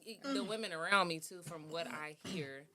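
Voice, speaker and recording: A woman's voice: fairly low pitch, moderate pace, pushed and bright. A woman guest on a casual podcast chat, explaining her view thoughtfully and at length.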